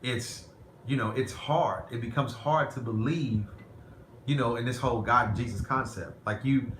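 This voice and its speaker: A man's voice: mid-range voice, fairly bright tone. A man vlogging, telling a personal story in a candid, rambling, conversational way. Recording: roomy echo, faint background noise.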